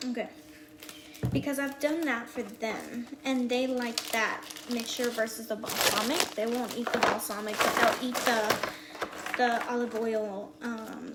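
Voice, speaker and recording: A woman hosting a casual meal prep livestream from a home kitchen, chatting to her viewers and counting items aloud. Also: fairly high pitch. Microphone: earpiece mic. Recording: echoey room with loud background noise.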